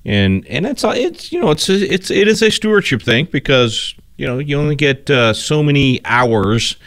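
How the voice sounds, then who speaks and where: A man's voice: on the high side, very animated, normal speed, a bit bright, no echo. A man hosting a radio talk show, speaking casually with frequent restarts and fillers. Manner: rambling, many restarts and fillers.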